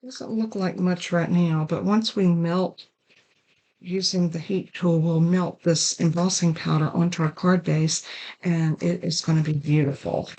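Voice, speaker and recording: A middle-aged woman with a cough chats casually while showing how to make a card step by step, her voice fairly low, steady, a little slow and somewhat mellow. She keeps coughing and sneezing and apologizes for it in a chatty way. The recording quality is low.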